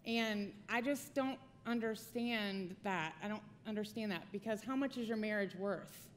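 A woman's voice: mid-range voice, unhurried, long reverb tail, a little hiss or hum. A woman speaking from a church stage with her husband, talking conversationally and telling personal stories. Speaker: pastor's wife, co-speaker. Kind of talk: sermon with spouse. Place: church auditorium.

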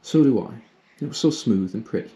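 A man voicing Beth, a gentle shy girl comforting her sister in a storybook read-aloud. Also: fairly low pitch, animated, fairly quick, vocal fry, roomy sound, a little hiss or hum.

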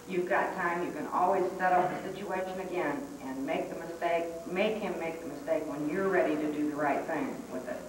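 A woman's voice: low-pitched, background noise. A woman co-teaching a dog training seminar, giving matter-of-fact advice. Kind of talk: live seminar talk. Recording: echoey hall, far from mic, 1990s tape.

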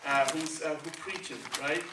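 In a church sanctuary, recorded from afar with lots of echo and a noisy background, a man preaches in Spanish-accented English. His fairly high voice stays steady at a measured pace as he talks conversationally, often asking the congregation "okay" and "right."

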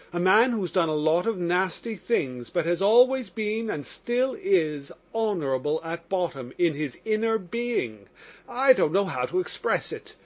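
A man voicing an impassioned young man accused of murder, in audiobook narration. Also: fairly high pitch. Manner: impassioned, exclamatory.

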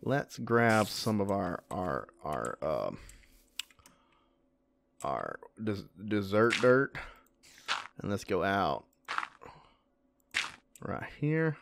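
A man's voice: lowish voice, sing-song, drawn-out words, gravelly, long pauses, noisy background. A man giving casual, chatty commentary while playing a video game, often yelping when startled. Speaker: let's play gamer.

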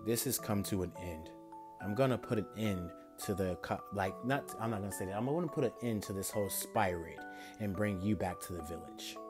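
A man voicing a confident young male ninja hero in a fan-made story, speaking low, slow and cocky. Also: over music, natural voice.

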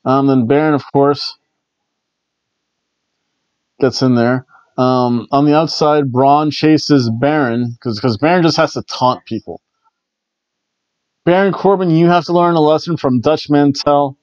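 A man's voice: fairly high pitch, measured pace, pauses often, darkish tone, clear, resonant tone, no room sound, lo-fi sound. A man hosting a casual wrestling review show, rambling with jokey asides. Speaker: wrestling review podcast host. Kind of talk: casual recap commentary.

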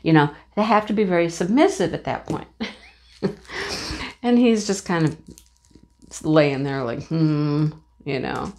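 A woman's voice: lowish voice, measured pace, gravelly, long pauses. Chatty woman telling a homey anecdote. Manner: animated, acts out voices in anecdotes, laughs often. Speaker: crafting vlogger. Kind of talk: casual chatty storytelling. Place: home office by a window.

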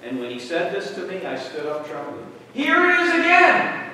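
A pastor preaches a sermon in a church hall, dramatizing the story and asking his congregation questions. His high, bright, forceful voice swings hugely in pitch at normal speed. Captured by a camera microphone from far off, the sound is echoey with faint noise.

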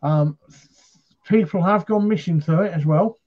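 A man's voice: high-pitched, measured pace, phone-quality sound. A man from Britain hosting a paranormal chat show, telling stories in a rambling, casual way with lots of fillers.

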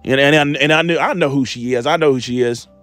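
A man preaching an informal, rambling sermon, swearing often, tacking "man" onto his lines and slowing right down to read scripture aloud. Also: medium pitch, a bit bright, no room sound, faint music behind. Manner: rambling, profane, confrontational, repeats "man"; reads scripture slowly and deliberately. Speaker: street preacher.

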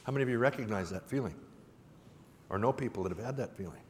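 A man giving a public talk in a folksy, gently humorous way, with a rhythmic, repetitive storytelling cadence. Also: medium pitch, quick pace. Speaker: symposium speaker. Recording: reverberant hall with faint background noise.

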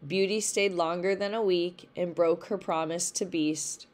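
A woman teacher reading a storybook aloud for a lesson, slow and careful. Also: lowish voice, fairly even intonation, a little mellow. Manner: slow, careful read-along pace.

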